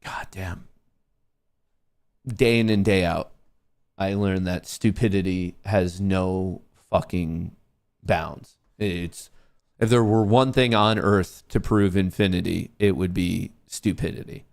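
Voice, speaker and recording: A man's voice: low-pitched, fairly even intonation, slow pace, creaky, a little mellow. A young man hosting a live trading stream, ranting profanely at comments from his chat. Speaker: livestream trading host.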